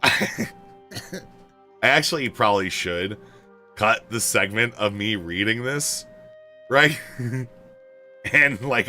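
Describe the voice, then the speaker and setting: A man's voice: fairly low pitch, sharp tone. A male streamer chatting casually on a livestream, laughing easily between chatty asides.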